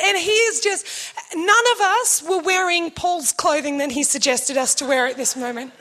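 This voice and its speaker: A middle-aged woman telling a story in a sermon, animated and acting out quotes with laughs. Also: sits high, moderate pace. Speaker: preacher.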